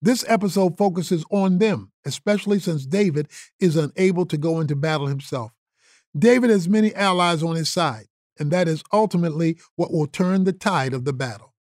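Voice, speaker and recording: A man's voice: fairly high pitch, normal speed, darkish tone, dry recording, studio quality. Earnest male host introducing an episode. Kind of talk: scripted introduction.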